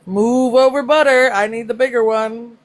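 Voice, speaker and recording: A woman's voice: on the high side, fairly even intonation, normal speed. A woman hosting a casual livestream, chatting and reacting to comments, laughing often and swearing freely. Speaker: livestream host.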